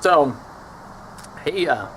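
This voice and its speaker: A man's voice: on the high side, expressive, extremely slow, fairly bright tone, a little hiss or hum. A man telling a story from his years as a prison officer, wry and scornful, acting out the people he quotes. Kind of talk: casual storytelling.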